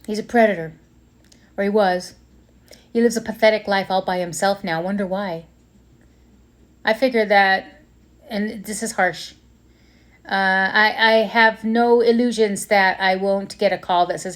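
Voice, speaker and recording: A woman in her fifties talking candidly and emotionally in a personal reflective monologue, pausing and restarting as she goes. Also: mid-range voice, steady tone. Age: 50s. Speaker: vlogger.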